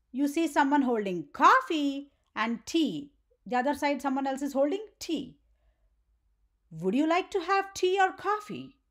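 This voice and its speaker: A woman teaching a grammar lesson for children, often checking in with "right?" and asking the viewer questions. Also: sits high.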